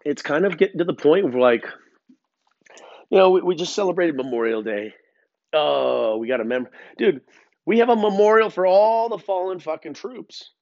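A man's voice: fairly high pitch, normal speed, a little mellow, no room sound. A man hosting a podcast, ranting casually with lots of swearing, stammered restarts and filler words. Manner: rambling, profane, many restarts. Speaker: podcast host. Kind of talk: casual rant. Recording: dull, lo-fi sound.

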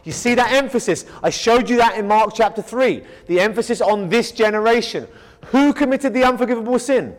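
A man's voice: very high-pitched, a little fast, long reverb tail, poor audio. A man teaching a Bible study lecture, emphatic, asking rhetorical questions and answering them himself.

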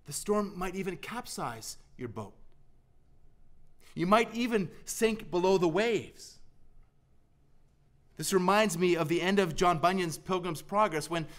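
A man preaching a sermon, earnest, moving from loud emphatic lines to hushed, almost whispered ones. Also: high-pitched.

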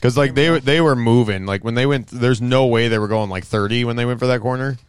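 Smooth-voiced young man telling rambling stories. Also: medium pitch, fairly quick, dry recording, studio quality. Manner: rambling storyteller, swears freely, laughs often. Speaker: podcast co-host. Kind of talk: casual chat.

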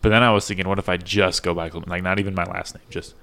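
A man's voice: low voice, fairly even intonation, racing, vocal fry, fairly bright tone. A man hosting a podcast, chatting casually in a laid-back way and often chuckling. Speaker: podcast host. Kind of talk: casual chat.

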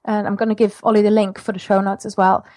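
A woman from Germany speaking as a podcast guest, a language teacher full of enthusiasm. She talks at a middle pitch, sprinkling in fillers, and sounds close and dry with no room echo. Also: little pitch movement, fast, warm tone. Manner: enthusiastic, chatty with many fillers. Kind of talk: casual podcast interview.

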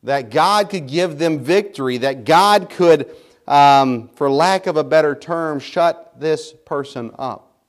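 A man's voice: on the high side, takes it slowly. A man preaching a sermon as pastor, speaking emphatically and building his points through repetition.

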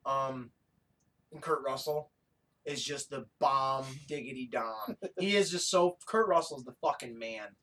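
A man co-hosting a podcast in casual chat, talking in a rambling, excitable way with plenty of swearing. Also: medium pitch, a little slow, low-quality recording. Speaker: podcast co-host.

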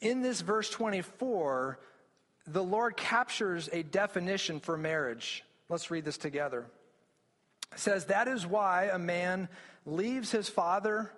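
Guy pastor preaching, kinda high voice, lots of restarts, big echoey church sound. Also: fairly bright tone. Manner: earnest, explanatory preaching with frequent restarts. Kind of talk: sermon. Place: church sanctuary. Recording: long reverb of a church hall.

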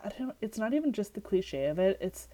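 A woman's voice: mid-range voice, very animated, fairly quick, noisy background. A woman co-hosting a casual book-discussion podcast, talking in a chatty way full of "like" and reading passages aloud. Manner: chatty, heavy use of "like", reads passages aloud. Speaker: podcast co-host. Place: remote call with co-host.

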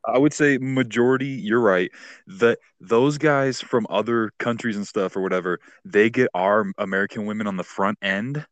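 A man's voice: lowish voice, normal speed, dry recording. A man co-hosting a podcast in crude casual banter, rambling with lots of fillers and frequent laughter. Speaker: podcast co-host.

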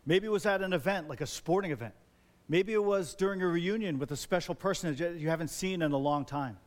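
A man in his forties preaching a sermon as a pastor, telling stories with lively, building excitement. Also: a little high, a little fast. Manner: animated storytelling, grows loud and excited. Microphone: wears a microphone.

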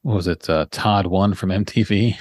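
A man's voice: low voice, moderate pace, a little mellow, no room sound, clean studio sound. A man hosting a podcast, chatting casually and recounting comedy bits in a laid-back way. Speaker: podcast host. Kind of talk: casual chat.

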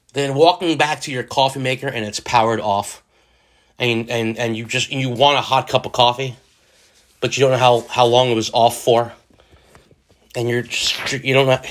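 A man's voice: medium pitch, fairly bright tone. A middle-aged man hosting his own podcast, rambling casually with jokey, self-deprecating asides while under the weather with a cold. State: sick with a cold. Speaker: podcast host. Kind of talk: casual solo podcast monologue.

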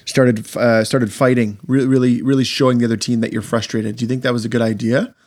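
A man with a husky, slightly raspy voice talks sports in a loose, casual way. He swears easily and retells press conferences with playful mock quotes. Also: mid-range voice, little pitch movement, fast talker, darkish tone. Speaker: podcast co-host.

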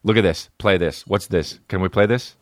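Recorded dry with studio quality, this low-pitched man speaks at a normal speed as a comedy podcast host. He rambles crudely and comically, mocking and swearing, swinging between mumbling and sudden outbursts.

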